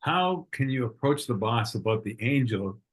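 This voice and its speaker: A man's voice: mid-range voice, expressive, moderate pace, slightly rough. A man co-hosting a podcast who laughs often and reads out listener questions. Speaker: podcast co-host.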